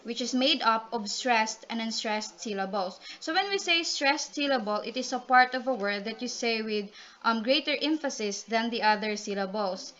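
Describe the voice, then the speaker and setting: A woman's voice: on the high side, lively intonation, moderate pace, a bit bright. Woman presenting a lesson, lo-fi sound. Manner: explanatory, calls on classmates by name. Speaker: student reporter. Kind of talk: class presentation. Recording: dull lo-fi recording.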